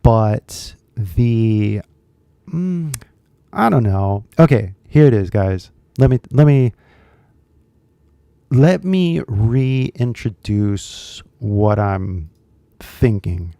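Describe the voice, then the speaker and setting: A man hosting a live stream, chatting casually in a halting way with fillers and restarts. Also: fairly low pitch, lively intonation, vocal fry, dark tone, clear, resonant tone, no room sound. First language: English.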